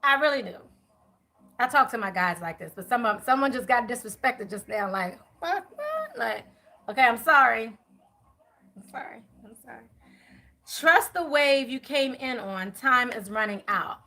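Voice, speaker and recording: A woman giving a chatty live tarot reading, talking to viewers and spirits, with many fillers and quick apologies. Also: fairly high pitch, expressive, bright, forceful tone. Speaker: tarot reader.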